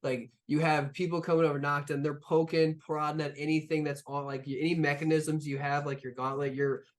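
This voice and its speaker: Rambling game master, casual and profane. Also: male voice, a little high, little pitch movement, brisk. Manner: casual and rambling, heavy on fillers, swears. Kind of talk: narrating a tabletop game.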